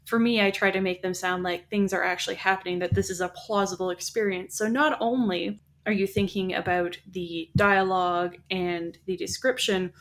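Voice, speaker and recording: A woman's voice: mid-range voice, steady tone, moderate pace. A woman talking casually on a podcast, explaining ideas in a chatty way with frequent restarts. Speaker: podcast co-host. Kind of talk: casual chat about writing.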